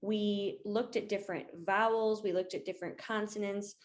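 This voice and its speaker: A woman's voice: medium pitch, fairly even intonation, normal speed. Enthusiastic young woman on a video call. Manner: enthusiastic, with many fillers. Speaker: actor and interviewer. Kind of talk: casual interview chat.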